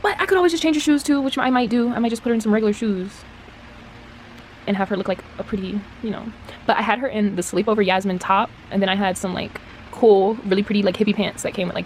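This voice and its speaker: A young woman who vlogs about doll restoration chats casually to the camera in a medium-pitched voice. She rambles and uses slang, laughing a lot, and there's a little hiss or hum in the audio.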